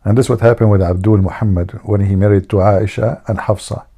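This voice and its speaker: Gravelly, husky man teasing on a livestream. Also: lowish voice, fairly even intonation, fairly quick, dark tone. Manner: teasing, laughing at his own jokes. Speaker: livestream host. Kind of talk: joking livestream chat.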